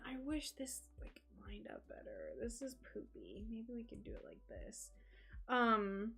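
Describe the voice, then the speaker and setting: Giggly American woman chatting while crafting. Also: on the high side. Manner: giggly, chatty, laughs at herself often. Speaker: stained glass livestreamer. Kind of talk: casual craft livestream chat.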